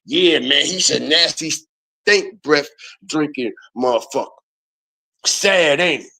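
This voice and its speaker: Profane, drawling high-voiced male ranter. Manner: loud, profane, mocking, repeats "all right" and "y'all". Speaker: commentary channel host. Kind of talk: profane rant commentary.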